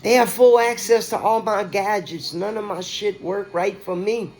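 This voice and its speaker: A man's voice: sits high, steady tone, moderate pace. A man in an agitated, profane and repetitive rant, talking straight to his viewers. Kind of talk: ranting monologue to camera.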